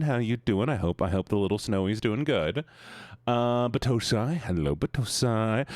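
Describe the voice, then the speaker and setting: A man's voice: fairly low pitch, big pitch swings, fairly quick, darkish tone, no room sound, studio quality. A man streaming, greeting his viewers in a playful, sing-song, teasing way. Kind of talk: casual chat greeting viewers.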